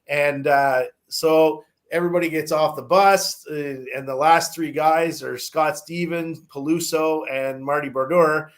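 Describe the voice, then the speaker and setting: A man tells a long story in a loose, casual way. His voice sits fairly high, and he keeps restarting sentences, dropping in fillers and the odd swear word. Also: fairly even intonation, measured pace, few pauses.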